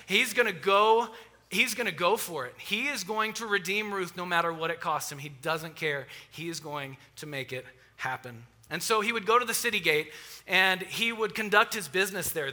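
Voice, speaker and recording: Bright-voiced man preaching a lively sermon. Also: high-pitched. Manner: lively, conversational storytelling with asides to the congregation. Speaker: pastor.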